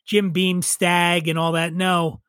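A middle-aged man with a high voice talks in a loose, profane, opinionated way, spinning stories in casual conversation. The sound is dry and close. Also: flat delivery, slow pace, fairly bright tone, clear, resonant tone, dry recording. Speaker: podcast guest. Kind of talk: casual chat.

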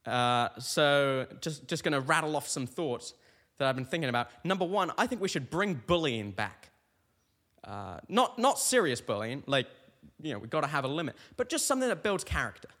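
A young man riffs through a loose stand-up monologue, his voice sitting a little high. He delivers it deadpan and meandering, breaking off and restarting his thoughts. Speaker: stand-up comedian, podcast host. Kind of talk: rambling comic monologue.

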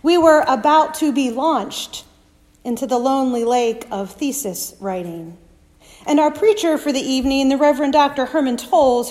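Woman preacher, fairly high voice, unhurried and theatrical, with a long hall reverb around her. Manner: dramatic storytelling, dropping to hushed whispers. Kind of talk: sermon.

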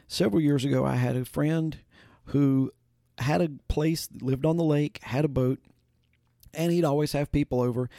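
Folksy man with a gravelly, mellow voice. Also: mid-range voice, no echo, studio quality. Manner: folksy, conversational, with restarts and asides. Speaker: podcast host. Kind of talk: casual spoken storytelling and advice.

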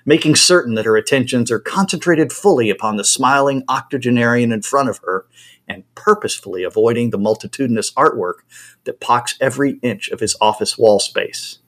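A man reading a story aloud at a brisk, expressive pace. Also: medium pitch. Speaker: reader.

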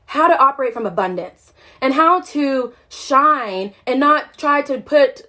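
A woman's voice: high voice, a bit bright. A woman network marketer speaking live to her followers on a phone, passionate and emphatic, asking one rhetorical question after another. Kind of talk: emotional livestream rant.

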